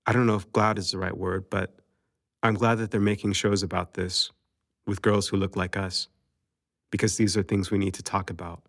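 A man's voice: low-pitched, little pitch movement, moderate pace, fairly bright tone, no echo, studio quality. A man giving casual, thoughtful reaction commentary, a little hesitant. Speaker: vlogger.

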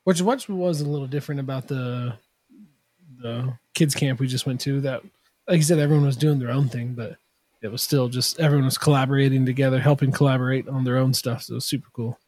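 A man's voice: mid-range voice, steady tone, fairly quick, a little mellow, no room sound. Rambling man chatting on a podcast. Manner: rambling, self-deprecating, many fillers. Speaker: podcast guest, tool builder. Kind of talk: casual podcast chat.

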